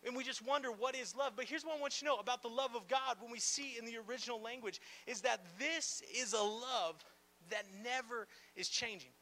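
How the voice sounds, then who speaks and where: Speaking a little fast, a pastor preaches to a church gathering in a large room in a strikingly high voice with a sharp, bright edge. He stays animated throughout, talking loosely with the congregation and filling his sermon with playful asides and "like" fillers.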